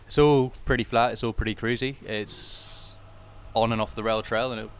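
A man from South Wales with a British accent, a doctor interviewed as a guest rider, modest and quick to laugh. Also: mid-range voice, fairly even intonation, a little hiss or hum. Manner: modest, laughing easily, hesitant fillers. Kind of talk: casual interview.

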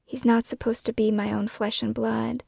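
A woman author reading her own memoir as scripted first-person narration, hushed and often falling into a breathy whisper. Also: on the high side, level tone, moderate pace, no echo, studio quality. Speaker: author and podcast host.

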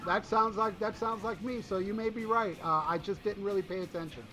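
High, bright-voiced man ranting profanely. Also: fairly even intonation, a little fast. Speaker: podcast co-host reviewing an album. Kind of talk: casual chat.

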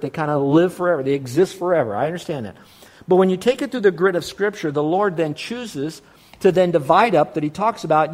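A man with a slightly high voice preaching a sermon. He talks like a pastor teaching, drops low and soft for asides, then rises and presses hard on repeated words.

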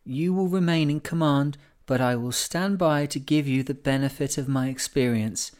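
A man reading aloud and voicing a frail, elderly naval boatswain who speaks in a quavering, piping falsetto. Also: moderate pace, darkish tone, smooth, close to an everyday voice. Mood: self-important. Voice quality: quavering, tremulous.

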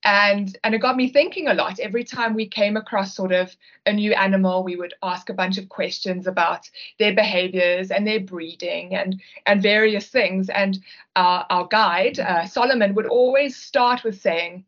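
Brief: South African woman, podcast guest, measured and explanatory, mid pitch, slightly dull audio. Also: steady tone. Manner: explanatory, measured, with occasional restarts. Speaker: guest, behavioural linguistics consultant. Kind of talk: podcast interview.

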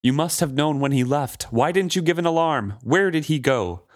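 A man reading aloud, voicing a furious bullying ship captain who yells demands. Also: fairly high pitch, moderate pace, voice pushed up, natural voice. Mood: angry yelling. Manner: yelling, demanding.

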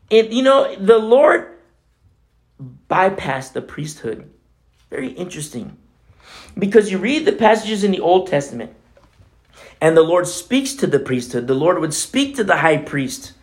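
A man's voice: sits high, big pitch swings, unhurried, long pauses. A man preaching a casual, conversational sermon as pastor, often dropping in "you know" and acting out the voices in scripture.

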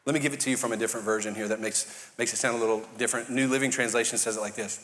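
A pastor preaching a sermon with passion and jokes, swinging between loud fired-up bursts and hushed, quiet lines. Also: male voice, medium pitch, fairly even intonation, rapid-fire. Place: large church hall. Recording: reverberant live church hall.

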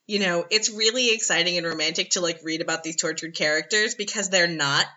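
A woman's voice: fairly low pitch, fairly quick, sharp tone, dull audio. A woman hosting a podcast interview, chatting casually, laughing often and saying "like" a lot. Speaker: podcast host.

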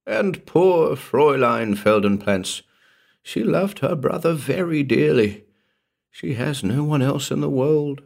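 A man voicing a grieving, gossipy village tailor in a horror story reading, his pitch lifted and his manner mournful and emphatic. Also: animated, takes it slowly, gravelly, darkish tone, full character voice.

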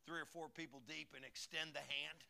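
Older male pastor, high bright voice, folksy joking preacher, sermon in a church. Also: steady tone, fairly quick, vocal fry, slight background noise. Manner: folksy, joking, calls to congregation. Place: church sanctuary.

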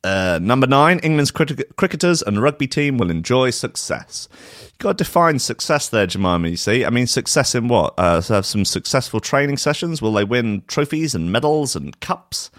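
Brief: British male podcast host, mid-pitched, sarcastic and rambling, dry close sound. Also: sing-song, moderate pace, a bit bright, dry recording. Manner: sarcastic, rambling, full of fillers. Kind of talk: comic monologue.

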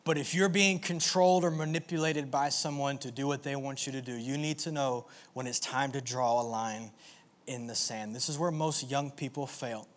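A man preaching a sermon to a live audience in an animated, energetic way, with call-and-response. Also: medium pitch, normal speed. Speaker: pastor.

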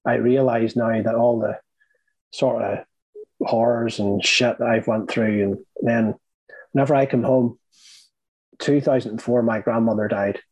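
Middle-aged northern irish guy, husky and kinda low, rambling and blunt, dry close sound. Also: fairly even intonation, measured pace, long pauses, a little mellow, dry recording, rough recording. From Northern Ireland. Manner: rambling, frequent fillers and restarts, blunt swearing. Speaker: guest sharing his life story. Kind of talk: candid conversational storytelling.

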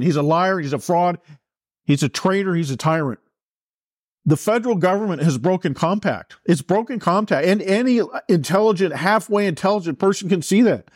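Male commentator, impassioned and repetitive, slightly raised pitch, dry booth. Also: moderate pace, no echo. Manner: fervent, repetitive, preacher-like cadence. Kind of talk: impassioned political monologue.

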